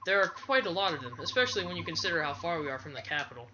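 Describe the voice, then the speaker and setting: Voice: mid-range voice, expressive, very fast, lo-fi sound, noisy background, close to an everyday voice. A player reading a cold cynical tactician.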